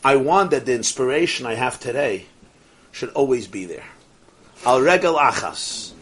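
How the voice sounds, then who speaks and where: A man teaching a Torah lecture as a rabbi. He mixes Yiddish and Hebrew terms into his English and swings from soft asides to rising exclamations. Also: mid-range voice, animated, normal speed, a little hiss or hum.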